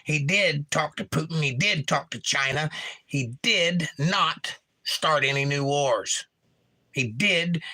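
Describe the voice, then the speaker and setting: A man's voice: mid-range voice, pushed and bright. A man hosting a livestream in a casual way, reading viewers' chat messages aloud and adding wry asides. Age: young adult.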